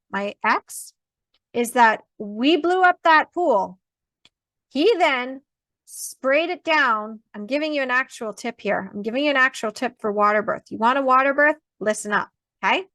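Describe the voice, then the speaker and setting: A woman in her thirties gives a casual online class with a bright, fairly high voice. She talks emphatically and conversationally, often stopping to check in with her listeners. The sound is close and dry, with no room around it. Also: animated, moderate pace, dry recording. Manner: emphatic, conversational, acts out quoted people. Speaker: birth educator.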